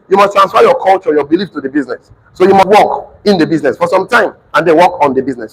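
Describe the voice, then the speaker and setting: A man leads a live motivational class, hammering his points home through repetition. His voice sits a little high and has a husky edge. He speaks with the emphatic cadence of a preacher. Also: fairly bright tone, low-quality recording. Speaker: motivational teacher.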